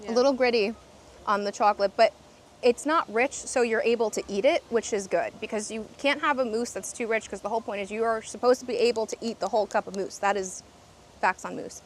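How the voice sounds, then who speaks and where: Higher-voiced woman doing a casual food review vlog, chatty and blunt, outdoors with faint crowd noise. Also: brisk. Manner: candid and chatty, with frequent restarts and fillers. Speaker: food vlogger reviewing festival dishes. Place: outdoors at a theme park food festival.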